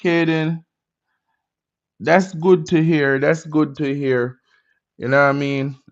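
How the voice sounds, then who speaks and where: A man's voice: fairly high pitch, steady tone, takes it slowly. A man hosting a casual livestream, greeting viewers in a laid-back way with Jamaican slang. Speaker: livestream host. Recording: dull lo-fi stream audio.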